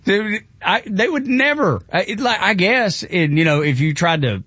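Southern radio guy, husky, bouncy pitch, lays back and laughs a lot. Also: animated, normal speed, bright, forceful tone, no echo, dull audio. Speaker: country radio host. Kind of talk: casual radio chat.

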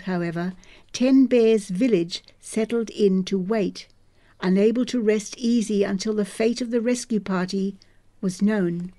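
A woman narrating a novel as an audiobook in a measured, even storytelling manner. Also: medium pitch.

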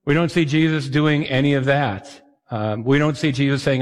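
A man preaches briskly in a mid-range voice, serving as pastor for a conversational sermon. He keeps asking his listeners questions, and the sound has a long hall reverb.

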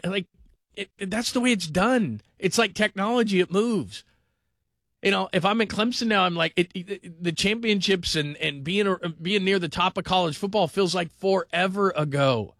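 A man hosting a call-in sports radio show, talking in a rambling, animated way that circles back on itself. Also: high voice, moderate pace, no echo, clean studio sound. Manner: rambling, animated, repeats himself.

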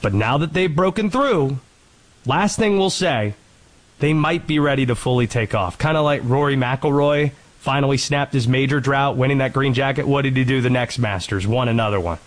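A man hosting a sports show, delivering a lively commentary monologue and quickly rattling off statistics. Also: medium pitch, poor audio. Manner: animated, quick rattling off of stats.

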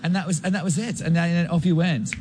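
A man's voice: a little high, fairly even intonation, a little fast, darkish tone, husky. Amused man telling a story. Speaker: guest actor telling an anecdote. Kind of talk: storytelling in an interview clip.

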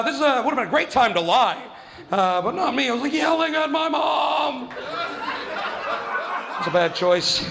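A man telling a profane stand-up story, with loud mock-yelling bits. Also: high voice, gravelly, slight background noise. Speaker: stand-up comedian. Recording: long venue reverb, faint ambience.

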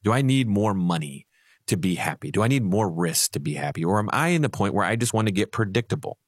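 A man who is a financial advisor on a radio show, telling animated stories and laughing easily. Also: on the low side, fast talker, breathy edge, no echo, clean studio sound. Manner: animated storyteller, acts out little voices, laughs easily.

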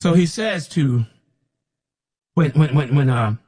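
A man preaching as a prophet in an impassioned sermon, repeating himself and rising to shouts when mocking others. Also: fairly high pitch, animated, slow pace. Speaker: self-styled prophet preacher.

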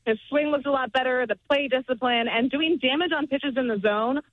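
A woman reporter giving measured, analytical answers in a radio interview over a phone line. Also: high voice, dry recording. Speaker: baseball reporter.

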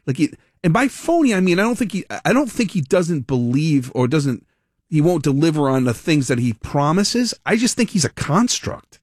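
A man hosting a political talk radio show, giving animated, rambling, sarcastic commentary. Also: a little high, normal speed, no room sound, clean studio sound.

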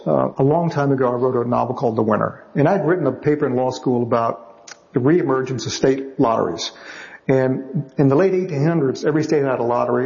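A man's voice: mid-range voice, vocal fry, a little mellow, lo-fi sound. A man who writes novels, telling anecdotes in a wry, chatty way as an interview guest. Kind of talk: anecdotal storytelling.

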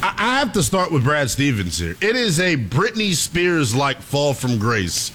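Animated sports radio man. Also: on the high side, a little hiss or hum. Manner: animated, quick, laughs easily. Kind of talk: sports talk banter. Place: radio studio.

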